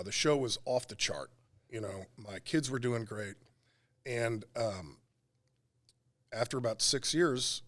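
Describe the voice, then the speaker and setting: A middle-aged man, a radio talk show co-host, telling a personal story in a podcast interview, halting and emotional with many pauses. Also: lowish voice, fairly bright tone.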